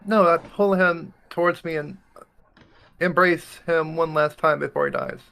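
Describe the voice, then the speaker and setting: A man's voice: fairly high pitch, steady tone, measured pace, creaky, pushed and bright. A man playing a tabletop game, joking and laughing often. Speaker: player.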